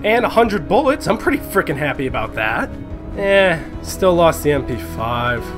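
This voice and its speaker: Excitable high-voiced man commentating gameplay. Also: moderate pace, over music. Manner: excitable, swears, yells in surprise. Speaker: gaming commentator.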